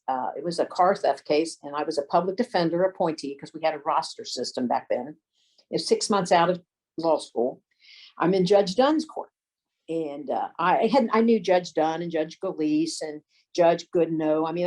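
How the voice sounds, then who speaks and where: Older woman, low-pitched, relaxed raconteur recounting legal career stories. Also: poor audio. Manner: folksy anecdotes, acts out quoted voices. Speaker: lawyer and former detective. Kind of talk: storytelling interview.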